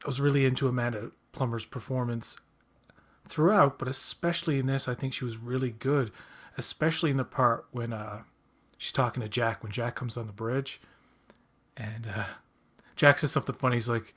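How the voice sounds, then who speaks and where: A man's voice: mid-range voice, fairly even intonation, normal speed, fairly bright tone. A man hosting a casual chat, rambling with many restarts and fillers as an enthusiastic fan. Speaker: podcast host.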